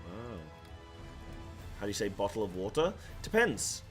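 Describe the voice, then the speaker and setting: A man's voice: lowish voice, very animated, moderate pace, fairly bright tone, faint music behind. A man with a mixed English and American accent, streaming a game and chatting casually with his viewers in a rambling way full of restarts. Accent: mixed English and American, shifting. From half English, half American. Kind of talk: casual chat to a live chat while gaming.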